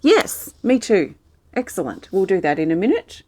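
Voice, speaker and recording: A woman hosting a live healing stream, reading out viewers' comments and answering them in a gentle, soothing, reassuring way. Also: on the low side, lively intonation, normal speed. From Australia.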